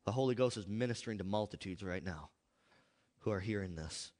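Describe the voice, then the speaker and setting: Male preacher, fervent sermon delivery with loud peaks and quiet drops, recorded in a reverberant church hall. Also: fairly low pitch, brisk. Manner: impassioned, swinging between loud outbursts and hushed asides. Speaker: pastor. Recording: echoey hall.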